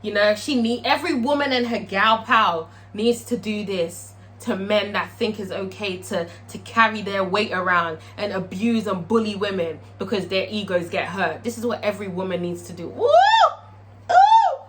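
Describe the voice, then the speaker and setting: A woman's voice: medium pitch, moderate pace, few pauses, a bit bright. A young woman recapping a TV episode in a blunt, profane, sassy storytelling manner. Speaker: TV episode reviewer.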